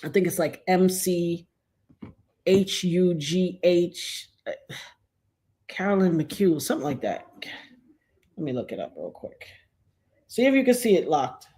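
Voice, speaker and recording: Animated woman telling a personal story. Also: lowish voice, measured pace, pauses often. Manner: emotional, swinging from hushed to excited shouting. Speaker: vlogger.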